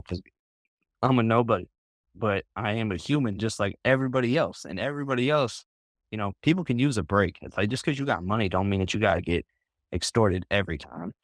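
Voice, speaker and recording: A man with a fairly low voice tells a long story as a guest on a group voice call. He rambles casually, fills his sentences with "like" and "bro", and keeps restarting them. The sound is dry, with almost no room echo. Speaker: interview guest.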